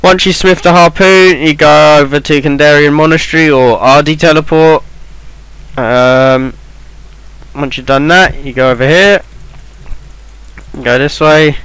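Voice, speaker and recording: A man with a fairly high, fairly bright voice narrates a game walkthrough at a measured pace, pausing often and rambling with plenty of ums and restarts. He's a game guide maker; his tone is clean and echo-free, though the recording quality is low.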